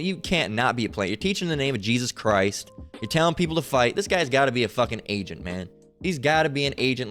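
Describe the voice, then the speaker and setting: A man's voice: mid-range voice, fairly bright tone. A man giving angry reaction commentary, profane and heated, quoting scripture between insults. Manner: quotes scripture. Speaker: online commentator.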